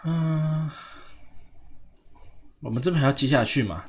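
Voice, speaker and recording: A man's voice: a little high, a little slow, husky. Joking Taiwanese streamer man. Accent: Taiwanese Mandarin. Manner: joking, mocking, laughing asides. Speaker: game streamer. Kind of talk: casual gameplay commentary. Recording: faint background noise.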